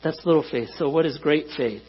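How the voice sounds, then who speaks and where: Man, pastor, sermon, high voice, husky, conversational with emphatic peaks, lo-fi hum. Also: fairly quick. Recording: dull lo-fi recording with mains hum.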